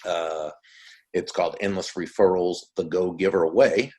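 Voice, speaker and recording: Low-voiced man in his sixties. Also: unhurried, slightly rough. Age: 60s. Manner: relaxed, trailing off softly at phrase ends. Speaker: guest author. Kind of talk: casual interview talk.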